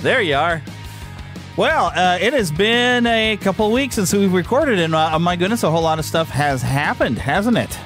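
A man's voice: high-pitched, animated, normal speed, fairly bright tone, soft background music. A man hosting a podcast in casual chat, rambling and upbeat, with lots of fillers and restarts. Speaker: podcast host. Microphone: podcast microphone.

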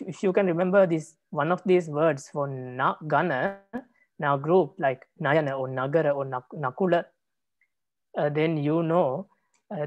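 A male monk leads a language lesson at an unhurried pace, repeating example words so students can hold on to them. His speech is halting and gentle, full of small pauses. The sound is dry and close, with no room echo. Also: fairly high pitch. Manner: patient, repeats words, many hesitations. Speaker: Buddhist monk teaching Pali. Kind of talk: classroom teaching.

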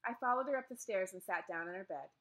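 A woman narrating a novel in the first person, steady and clear. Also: mid-range voice, fast talker. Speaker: audiobook narrator.

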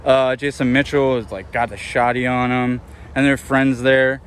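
A man's voice: medium pitch, little pitch movement, normal speed, slight background noise. Profane rambling man outdoors. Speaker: movie review host. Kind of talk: casual outdoor movie review. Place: outdoors in an urban area.

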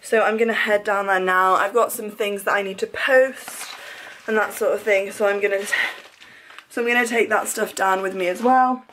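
A woman's voice: mid-range voice, fairly even intonation, moderate pace, a bit bright, slight background noise. A young woman in her twenties, chatting casually to a handheld camera in a bubbly vlog style. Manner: chatty and bubbly, with sighs of frustration. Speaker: vlogger.

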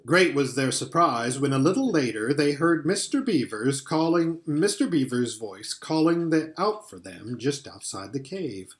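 A man reading a children's storybook aloud in an expressive way, now and then stumbling and restarting a phrase. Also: medium pitch, a little slow, few pauses. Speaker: audiobook reader.

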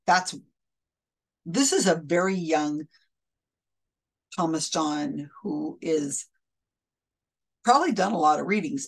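Skeptical woman, casual low-pitched commentary. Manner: skeptical, conversational, many fillers and restarts. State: hiccups. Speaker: commentator reviewing a psychic's readings.

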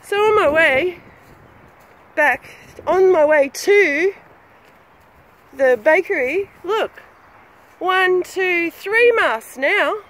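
A woman's voice: extremely high pitch, expressive, drawn-out words, pauses often, a bit bright, rough recording. A woman, ranting angrily and swearing while filming herself outdoors on her phone. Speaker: vlogger. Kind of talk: angry rant vlog while walking. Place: outdoors on a street.

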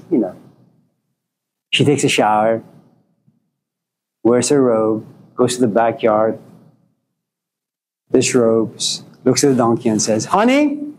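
A man giving a storytelling lecture to a class, wry and joking, in an unhurried way. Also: medium pitch, a little mellow, slight background noise. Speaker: philosophy lecturer.

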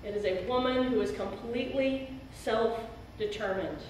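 A woman pastor delivers an earnest sermon, her somewhat high voice pressing hard on the key words. She sounds distant from the mic, and heavy echo from the church hall fills the recording under a faint hiss. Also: a little slow, darkish tone. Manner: earnest, emphatic preaching with rising emphasis. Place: church sanctuary. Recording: very echoey church hall, speaker far from mic.

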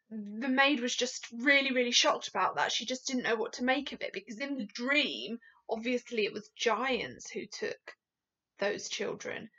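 A woman teacher reading a story aloud to children, pausing to ask the class questions. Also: on the high side. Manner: slow, lively, asks the class questions. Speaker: primary school teacher. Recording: dull lo-fi recording.

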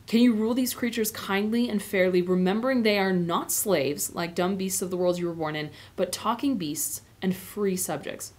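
A woman's voice: mid-range voice, normal speed, hardly any pauses, darkish tone, natural voice. Woman reading Aslan, a solemn lion. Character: solemn noble lion king.

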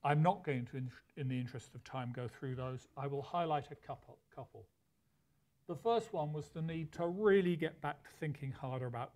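A man giving a formal conference presentation, speaking in a measured way with frequent restarts and points of emphasis. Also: mid-range voice, a little mellow.

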